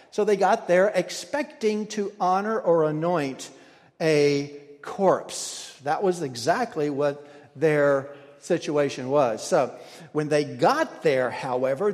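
A man's voice: fairly high pitch, darkish tone. A man preaching a sermon, explaining a passage with frequent restarts and stumbles. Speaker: pastor. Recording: long hall reverb.

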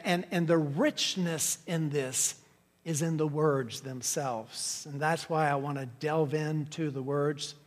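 A man delivers an earnest teaching sermon. He often restarts his phrases as he works through the verses. His voice sits slightly high and carries a long, echoing reverb, as if heard in a church hall. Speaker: pastor. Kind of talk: expository sermon.

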